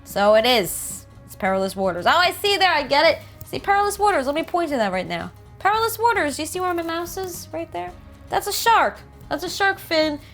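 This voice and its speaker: A woman's voice: sits high, big pitch swings, a little fast, fairly bright tone, soft background music. A woman with a New Jersey accent, casually riffing and joking as she reads about game art. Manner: chatty, jokey, reads aloud and riffs. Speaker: host.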